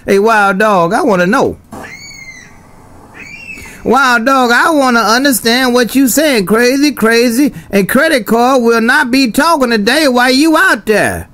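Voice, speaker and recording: A man with a fairly high voice talks over a CB radio. He is folksy and repetitive, calls the other driver by his handle again and again, and lets his sign-offs sink low and quiet. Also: a little slow. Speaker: CB radio operator. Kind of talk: CB radio chatter.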